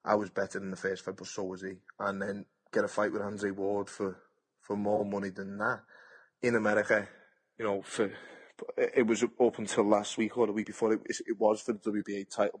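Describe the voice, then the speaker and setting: A man's voice: fairly low pitch, breathy edge. A man, a boxer talking frankly and bluntly in a casual podcast interview, swearing freely and acting out past conversations. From Britain. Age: 30s.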